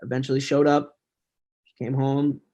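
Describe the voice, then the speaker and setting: A man's voice: medium pitch, level tone, moderate pace, dark tone. A man in his thirties, a podcast guest telling a personal story candidly, often laughing as he talks.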